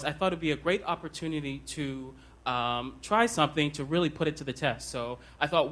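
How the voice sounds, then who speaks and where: A man's voice: a little high, fairly bright tone. A young man telling a comic personal story on stage at a live show, conversational and self-deprecating, with many ums. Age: young adult.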